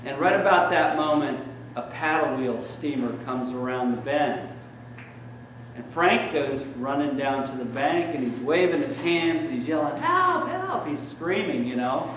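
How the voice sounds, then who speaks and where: A man's voice: mid-range voice, measured pace, a little hiss or hum. A man giving a sermon as a priest, telling stories in a conversational way with plenty of fillers. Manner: conversational storytelling, frequent fillers. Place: church. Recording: echoey church room, mic at a distance.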